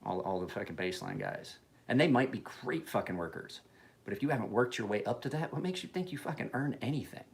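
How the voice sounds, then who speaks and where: A man's voice: medium pitch, very animated, fast talker. A man in his forties ranting casually in a home vlog, heated and full of profanity. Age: 40s. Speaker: knife sharpener vlogger.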